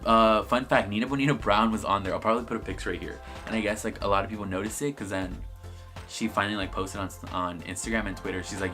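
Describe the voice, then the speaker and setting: A young man talks fast in a lowish voice with fairly flat intonation, music running in the background. He's reviewing a reality TV episode for a casual vlog, full of sass and swearing, acting out what the cast said.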